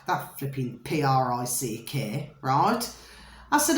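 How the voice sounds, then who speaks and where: A woman's voice: mid-range voice, sing-song, normal speed. Theatrical rambling British woman, roomy sound. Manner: theatrical, repetitive, calls viewers pet names. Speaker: vlogger. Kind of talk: rambling storytelling monologue to viewers. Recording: roomy echo.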